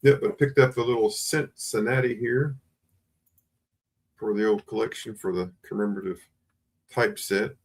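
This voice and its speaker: A man's voice: on the low side, fairly even intonation, moderate pace, long pauses, breathy edge. A man hosting a casual live-stream coin sale, greeting viewers by name over and over in a chatty way. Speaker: livestream host selling coins.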